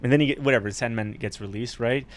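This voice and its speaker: A man's voice: medium pitch, fast. Rambling man retelling a show. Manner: rambling storyteller, many fillers and restarts. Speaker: podcast host. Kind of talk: casual chat.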